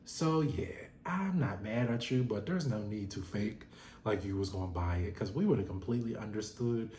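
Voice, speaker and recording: A man hosting a casual reality TV recap, talking in animated, slangy, gossipy bursts and laughing often. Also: on the low side, moderate pace, slight background noise. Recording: roomy echo.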